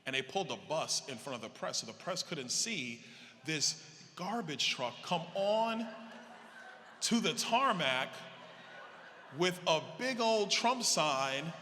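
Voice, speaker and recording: A man with a slightly high, forceful voice tells a story from a convention stage, playing every part with animated energy. The reverb from the big hall lingers around him, and a faint murmur of ambience sits underneath. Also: takes it slowly, slight background noise. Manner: animated, acts out quoted dialogue. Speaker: politician giving a convention speech. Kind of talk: storytelling speech to a live audience.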